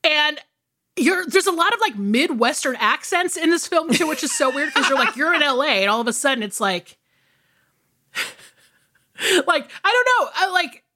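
A woman talks through a movie on her podcast in loose, rambling chat, full of "you know" and "like." Her voice is bright and her pitch swings widely. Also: animated, normal speed. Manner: rambling, many fillers. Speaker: podcast co-host.

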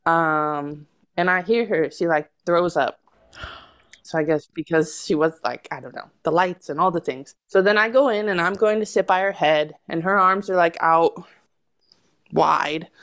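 A woman's voice: fairly low pitch, unhurried. Chatty woman telling a story. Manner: animated, laughing, many fillers. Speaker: podcast guest. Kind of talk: casual storytelling.

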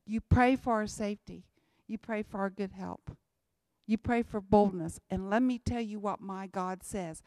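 A woman's voice: mid-range voice, measured pace, darkish tone, dry recording, studio quality. A woman, giving an emphatic church talk about mission work and repeating her key lines. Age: 60s. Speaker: missionary speaker.

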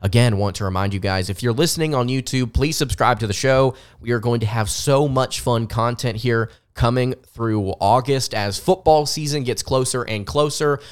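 Young male sports podcaster, mild Southern accent, smooth resonant tone, mid pitch, eager off-the-cuff delivery. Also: normal speed, few pauses. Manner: enthusiastic, repeats words when restarting. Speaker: podcast host.

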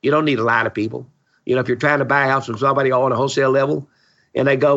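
A man's voice: mid-range voice, rapid-fire, vocal fry, fairly bright tone. A man in his seventies, a real estate investor guesting on a podcast, telling stories in a blunt, opinionated, salty way on a dull lo-fi recording. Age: 70s. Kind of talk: storytelling interview chat.

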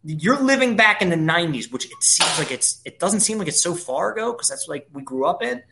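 A man's voice: high voice, sing-song, brisk, creaky, background noise. A man, ranting profanely as a podcast co-host in casual sports chat.

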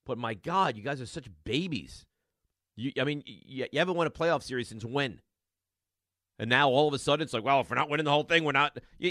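A man hosting sports talk radio, animated and sarcastic as he rants. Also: on the high side, no room sound, studio quality.

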